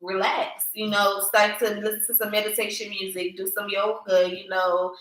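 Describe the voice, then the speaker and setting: A woman co-hosting a podcast, chatting casually and telling a personal story with emphatic, animated delivery. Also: medium pitch, normal speed. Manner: animated, emphatic, addresses listeners as y'all. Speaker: podcast co-host. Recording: echoey room.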